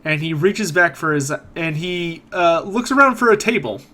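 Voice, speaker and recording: A man narrating a tabletop game as game master, relaxed, with fillers. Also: a little high, moderate pace.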